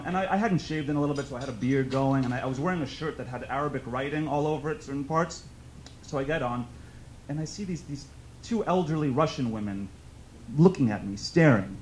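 A man's voice: medium pitch, slight background noise. Young man doing a stand-up set. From New York. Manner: conversational storytelling, bursts into loud shouted outbursts. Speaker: stand-up comedian. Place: comedy club stage.

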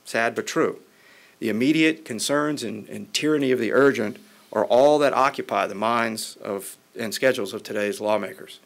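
A man, a member of Congress, delivers a formal policy address at a podium microphone. His pitch sits in the middle of his range. He speaks in a measured, deliberate way and sometimes restarts a phrase. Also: vocal fry.

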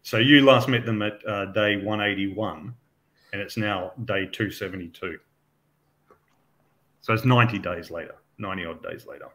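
A man running a tabletop role-playing game as game master, talking in halting bursts full of fillers and restarts. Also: lowish voice, a bit bright.

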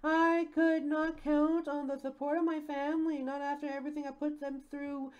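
A woman's voice: high-pitched, flat delivery, normal speed, a little mellow, muffled recording, close to an everyday voice. A woman voicing a distraught, defiant female rabbit cop from a comic, reading the lines melodramatically. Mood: solemn.

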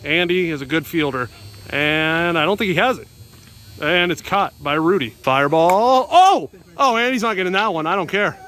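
A man vlogging his softball game outdoors, giving excitable, jokey play-by-play and cheering teammates on by nickname. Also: high voice.

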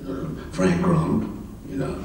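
An older man telling stories from his life as an interview guest on stage, chuckling often and pausing with fillers. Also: low voice, darkish tone. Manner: anecdotal, chuckling, halting with fillers. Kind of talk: live stage conversation, storytelling. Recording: roomy, distant mic in a hall.

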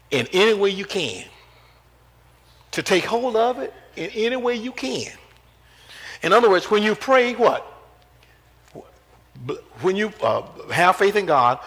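A bishop in his seventies preaching a sermon, quizzing the congregation with repeated questions and swinging between quiet asides and loud emphatic lines. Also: high voice. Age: 70s. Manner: call-and-response questioning, emphatic repetition.

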